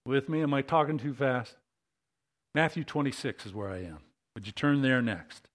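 A man preaching a sermon, conversational and animated, often asking his listeners questions. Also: mid-range voice, normal speed. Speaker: pastor.

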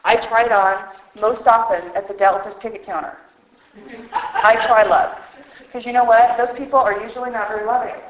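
A woman preaching at a retreat, lively and emphatic, repeating words for effect. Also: on the high side, normal speed, distant mic. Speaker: retreat speaker. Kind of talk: sermon. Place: hall at a church retreat. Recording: echoey hall.

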